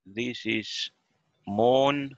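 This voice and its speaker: A man with a medium-pitched voice speaks extremely slowly, with no echo, while teaching a beginner language class over a video call. He breaks words into syllables patiently and methodically, and the call audio sounds dull and lo-fi.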